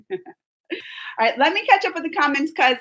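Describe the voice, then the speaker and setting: A woman hosting a casual live-chat video, reading viewers' comments in an animated, playful way and laughing often. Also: high-pitched, moderate pace.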